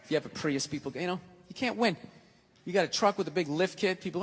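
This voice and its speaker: A man's voice: high-pitched, fast talker, breathy edge. A man doing a stand-up routine on stage, ranting in a profane, exasperated way. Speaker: stand-up comedian. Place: large live venue. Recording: live hall with audience.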